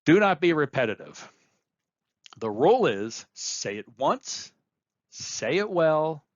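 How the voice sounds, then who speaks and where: A man's voice: medium pitch, no room sound. Dry, dull-sounding male lecturer. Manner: plain, instructive, repeats phrases for emphasis. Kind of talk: recorded course lecture.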